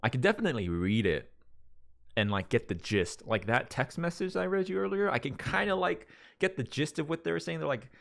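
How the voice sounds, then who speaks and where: A man's voice: fairly high pitch, animated, brisk, gravelly, fairly bright tone. A man from Las Vegas hosting a live stream, chatting casually with viewers, rambling, restarting sentences and reading their messages aloud. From Las Vegas, USA. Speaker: livestream host. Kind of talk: casual chat with a live audience.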